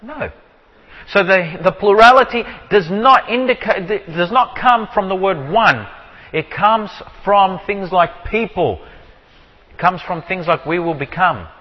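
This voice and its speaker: A man teaching from the Bible in sermon style, asking his listeners rhetorical questions and slowing down to stress key phrases. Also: sits high, animated, dull audio. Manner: asks the audience many rhetorical questions. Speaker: preacher teaching on scripture. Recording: long hall reverb.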